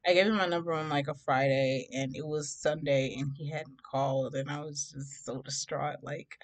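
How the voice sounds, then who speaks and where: A young woman vlogger telling a storytime tale, chatty and animated. She speaks in a slightly low voice and acts out the quotes. She laughs along as she goes. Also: moderate pace. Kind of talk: casual storytime.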